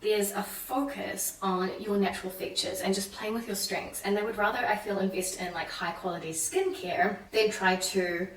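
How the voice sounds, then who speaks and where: A woman's voice: medium pitch, normal speed, few pauses, a little hiss or hum. A young woman from New Zealand with a New Zealand accent, chatting animatedly in a casual vlog and acting out the people she quotes. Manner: animated, acts out quoted French voices. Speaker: vlogger. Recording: echoey room, mic at a distance.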